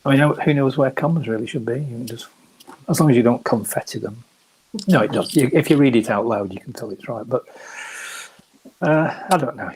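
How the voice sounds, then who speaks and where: A middle-aged man from Yorkshire, a crime author, chatting casually in an interview with a soft, soothing, polished voice that never rises to a shout, rambling and poking fun at himself. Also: medium pitch, fairly quick, a little hiss or hum, low-quality recording. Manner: chatty, wandering, self-mocking.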